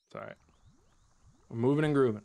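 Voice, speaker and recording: A man's voice: mid-range voice, wildly swooping pitch, fairly quick, vocal fry, dark tone, no room sound. A man streaming a video game, chatting with viewers as he plays, now and then laughing in mock frustration. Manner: chatty, talks to chat, bursts of laughing frustration. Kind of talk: live gameplay commentary.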